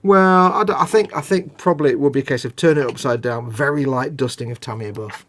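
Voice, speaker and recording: A man's voice: mid-range voice, fairly quick, a bit bright, dry recording. A middle-aged man, hosting a late-night model-building live stream in rambling, self-mocking chat. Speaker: host.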